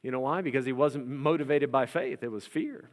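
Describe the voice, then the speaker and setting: A man preaching a lively, humorous sermon as the pastor of a church. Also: medium pitch, fairly quick, long reverb tail. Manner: animated, humorous, acts out scenes.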